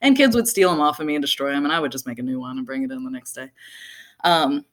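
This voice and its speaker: A young woman tells a personal story from the stage, her voice sitting a little low. She is animated, laughs often and fills her talk with "like.". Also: fast talker. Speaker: speaker.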